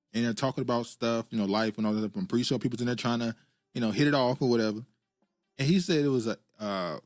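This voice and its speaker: A man's voice: mid-range voice, dry recording. A man hosting a podcast, reacting casually to comments and clips and chuckling often. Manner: laid-back, chuckling, fillers. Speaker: podcast host.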